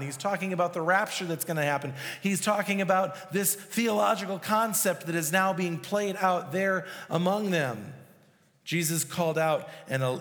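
A man's voice: on the high side, a bit bright. A male pastor preaching a sermon in a conversational, emphatic way with casual asides. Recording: long reverb of a hall.

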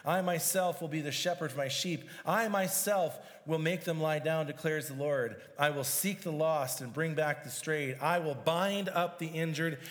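A man's voice: a little high, normal speed, hardly any pauses, fairly bright tone. A man preaching a sermon, reading scripture aloud and explaining it verse by verse with emphasis. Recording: long hall reverb.

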